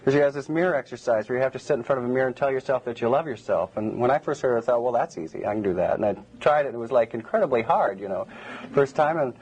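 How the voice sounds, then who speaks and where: A man's voice: medium pitch, rapid-fire, a little mellow, slightly rough, poor audio. A man giving a public lecture to a live audience, rambling and digressive with many restarts.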